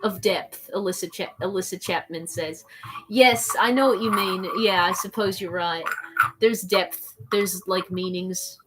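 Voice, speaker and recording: A woman's voice: medium pitch, unhurried, heavy background noise. A young adult woman live streaming, reading chat aloud in a playful, rambling way, often saying "like" and slipping into silly voices.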